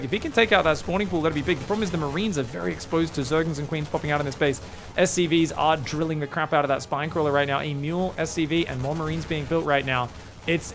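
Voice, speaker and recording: A man casting a strategy game live, excitable and sarcastic with a joking edge. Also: a little high. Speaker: game commentator.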